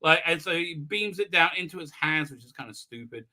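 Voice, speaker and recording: Male host, sarcastic episode recap, bright and fairly high, fumbling fillers. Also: animated, brisk. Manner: mocking, acts out quotes in funny voices, many fillers and restarts. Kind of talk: casual live-stream recap.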